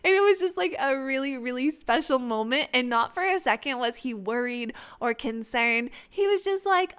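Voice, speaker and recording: High-voiced chatty young woman. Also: expressive, normal speed, few pauses, fairly bright tone. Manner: chatty, emotional, many "like" fillers. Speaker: podcast host. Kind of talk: casual storytelling.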